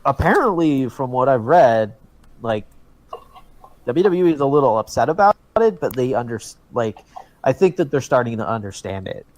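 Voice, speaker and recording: A man co-hosting a wrestling podcast in casual chat, talking in an excitable, emphatic way and swearing freely. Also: mid-range voice, moderate pace. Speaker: podcast co-host.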